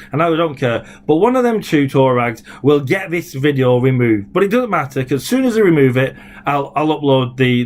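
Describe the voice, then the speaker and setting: A man, a former local councillor, talking indignantly in a rambling video blog full of fillers and restarts. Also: medium pitch. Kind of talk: casual video blog rant.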